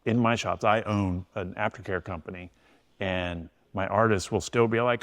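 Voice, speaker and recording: Middle-aged man, low gravelly voice, easygoing podcast guest, rambling casual delivery. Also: fairly even intonation, normal speed, a bit bright. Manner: laid-back, loose storytelling with frequent "you know". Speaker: tattoo artist and shop owner guest.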